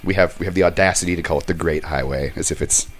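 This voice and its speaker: A man co-hosting a podcast in casual chat, relaxed and wry, teasing his co-host. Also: low voice, quick pace, faint music behind.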